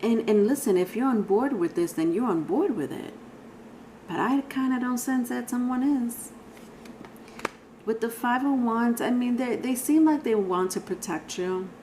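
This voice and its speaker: A woman's voice: on the high side, moderate pace, warm tone, a little hiss or hum, low-quality recording. A woman giving a casual, rambling tarot reading, talking straight to viewers with sighs and laughs. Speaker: tarot reader.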